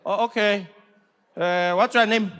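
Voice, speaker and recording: A man putting on a drawling, deadpan South African desk cop. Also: sits high, unhurried, clear, resonant tone. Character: slow, unbothered male police desk officer. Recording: reverberant live comedy hall.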